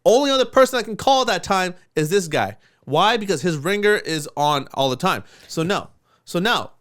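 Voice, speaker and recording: A man's voice: high voice, normal speed. A young man on a podcast, telling a long story in casual chat, swearing a lot and laughing as he goes. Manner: animated storyteller, swears often, laughs through lines. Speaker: podcast co-host.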